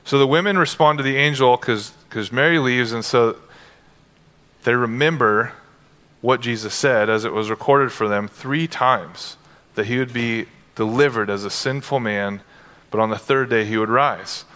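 A man's voice: medium pitch, moderate pace, clean tone. A man preaching a conversational sermon, acting out scenes with casual modern dialogue. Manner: animated, acts out Bible scenes in casual modern talk. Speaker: pastor. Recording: long hall reverb.

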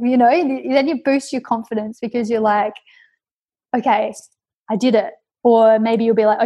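A woman's voice: fairly high pitch, steady tone, a little fast, darkish tone. A young adult woman, a podcast guest telling travel stories in a chatty, casual way with frequent fillers. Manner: chatty, laughs often, many fillers. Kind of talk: casual conversational storytelling.

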